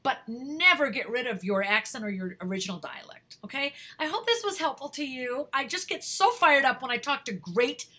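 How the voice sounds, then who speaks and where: A woman talent manager giving career advice to actors, energetic and emphatic, repeating words for stress and searching for words with fillers. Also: high-pitched, moderate pace, few pauses. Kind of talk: advice talk to camera.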